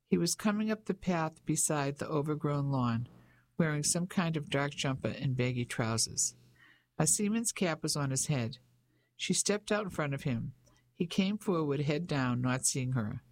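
An audiobook narrator reading a novel chapter in a steady, measured way. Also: mid-range voice, no echo, low-quality recording. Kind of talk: scripted narration.

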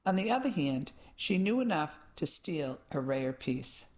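Woman reading as a snippy gossipy shopkeeper lady, low voice, brisk, storybook. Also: sing-song, darkish tone. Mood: dismissive.

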